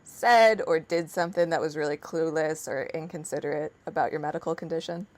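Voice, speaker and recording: A woman's voice: deep voice, brisk, a little mellow, no room sound. A woman hosting a podcast, asking questions and relating with her own experience. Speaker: podcast host. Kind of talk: casual interview chat.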